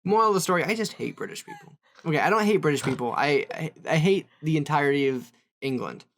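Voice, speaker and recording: A young woman co-hosting a podcast in casual chat, an animated storyteller who swears and mimics other people. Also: low voice, fast, a little hiss or hum. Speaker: podcast co-host.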